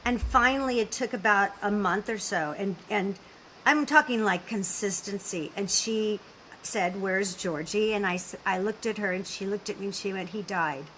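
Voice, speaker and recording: A woman's voice: medium pitch, normal speed, a bit bright, slight background noise, low-quality recording. A woman hosting a caregiving podcast, talking in an earnest, reassuring way with frequent restarts. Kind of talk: candid conversational interview.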